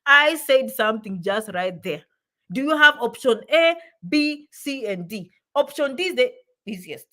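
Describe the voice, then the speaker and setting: A woman with a slightly high voice gives motivational advice to her viewers. She talks emphatically and drives her points home by repeating phrases, and she drops in Swahili words now and then. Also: animated, a little slow, pushed and bright. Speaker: immigration advice vlogger.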